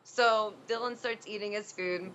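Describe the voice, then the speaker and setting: Woman wrestler on an interview, chatty and animated, lots of um and like, bright sharp voice, dull lo-fi recording. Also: mid-range voice, measured pace. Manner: animated, full of fillers like "um" and "like". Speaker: wrestler guest. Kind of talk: casual storytelling interview.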